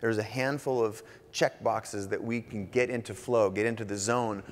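Casual, animated male conference speaker. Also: lowish voice, moderate pace. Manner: casual, animated, jokey, swears now and then. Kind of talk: conference talk. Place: large conference hall on stage. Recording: long hall reverb.

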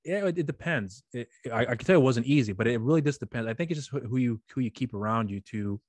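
A man's voice: mid-range voice, expressive, fast talker, darkish tone, dry recording. A man in his thirties hosting a casual interview, telling stories in rambling runs with many restarts. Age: 30s. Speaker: podcast host.

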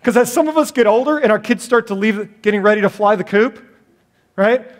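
A middle-aged man preaching a sermon as pastor, animated and jokey, acting out little voices in his stories. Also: high voice, fairly quick.

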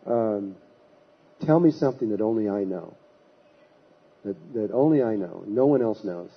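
A man voicing a skeptical, accusing man in his own husky voice while retelling a story. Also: on the low side, animated, measured pace, muffled recording, full character voice.

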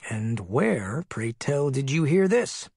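A man's voice: medium pitch, big pitch swings, slow, gravelly, darkish tone, no echo, clean studio sound, heavily acted. A man playing a skeptical, sardonic middle-aged doctor with a cutting way of speaking.

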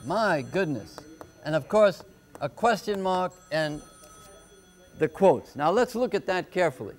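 A man tutoring on a live call-in homework show, explaining poetry slowly and patiently, step by step. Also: high-pitched, lively intonation. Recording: telephone-era broadcast.

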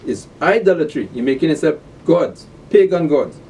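A man's voice: fairly high pitch, sing-song, moderate pace, darkish tone, distant mic, a little hiss or hum. A man preaching a sermon, reading scripture aloud and pressing his listeners with repeated rhetorical questions. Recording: voice set back from the mic.

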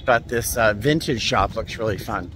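A man chatting casually to the camera as a travel vlogger, thinking aloud and gushing when excited. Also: fairly low pitch, moderate pace, a little hiss or hum. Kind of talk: casual vlog chat to camera.

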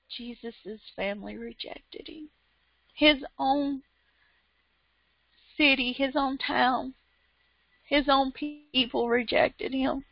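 A woman's voice: sits high, takes it slowly, gravelly, pauses often, dry recording. A woman preaching a fervent, emotional sermon online, repeating phrases and laughing through tears. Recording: dull lo-fi sound.

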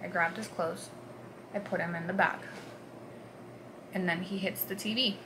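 A woman vlogger recounting a personal story in an earnest, halting way, dropping to a hush and then pushing hard. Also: on the low side, fairly even intonation, background noise. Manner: earnest, halting, swings between hushed and forceful.

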